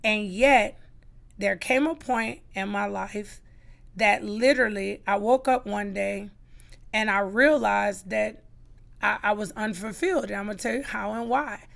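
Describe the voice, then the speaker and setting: A woman's voice: mid-range voice, unhurried, creaky. A middle-aged woman, a podcast guest, giving an emphatic personal testimony and acting out the lines she quotes.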